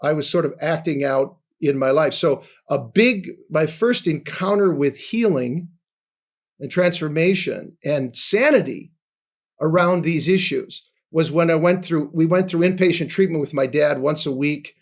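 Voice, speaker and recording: A man in his sixties appears as a podcast guest, telling a personal testimony in an earnest, storytelling manner. His voice frequently sinks soft and low, and he speaks a little slowly.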